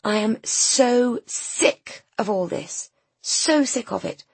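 A woman voicing a pampered, spoiled young woman in an audiobook, breathy and pouty. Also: a little high, expressive, takes it slowly, a little hiss or hum, pitched above the performer's own voice, heavily acted. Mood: petulant. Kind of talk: audiobook character voice.

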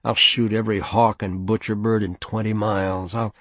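A man's voice: fairly low pitch, little pitch movement, moderate pace, fairly bright tone, dry recording. A man voicing an earnest, determined farm boy in a story reading.

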